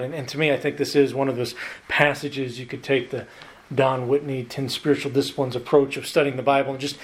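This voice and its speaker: Earnest preacher man, stretching key words. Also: medium pitch. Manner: self-deprecating asides with light humor. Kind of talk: sermon.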